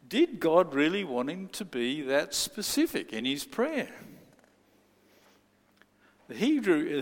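A man preaching a sermon, telling a story and acting out the people in it. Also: on the high side. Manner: storytelling, acts out quoted voices. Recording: long hall reverb.

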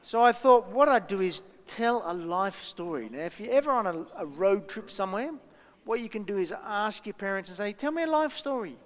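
A man, a pastor giving a chatty children's talk and sermon with frequent ums and pauses. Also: high voice, expressive, a bit bright. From Australia. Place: church. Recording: long reverb in a church hall.

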